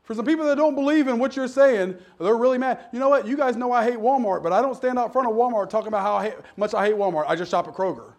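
A male pastor preaching a sermon in a conversational, storytelling way, joking with the congregation and rising to sudden loud, emphatic peaks. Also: extremely high pitch, fast, few pauses. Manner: jokes with the congregation.

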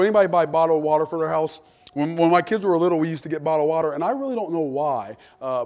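A middle-aged male pastor, preaching a lively sermon full of personal stories, moving from jokey asides to loud rebukes. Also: on the high side. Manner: animated, shifts from jokey asides to shouted rebukes.

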